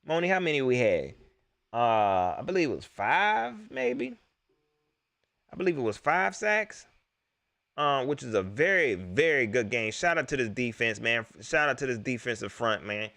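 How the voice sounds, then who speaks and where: Young male stream host, casual and lively, mid-range voice. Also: medium pitch, moderate pace. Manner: animated, laughs often, talks straight to the chat. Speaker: live-stream sports show host. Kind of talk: casual post-game commentary to live chat.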